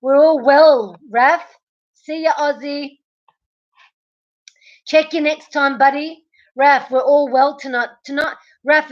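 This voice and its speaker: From bed at home, a high-voiced woman livestreams casually, talking slowly and unhurriedly as she grows hoarse and loses her voice. The lo-fi sound is dull, and she chats, reads comments, greets viewers by name, and laughs often.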